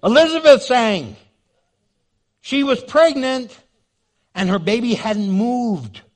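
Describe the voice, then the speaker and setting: High-voiced animated preacher man. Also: slow. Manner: animated, jokey, acts out scenes. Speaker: pastor. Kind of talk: sermon.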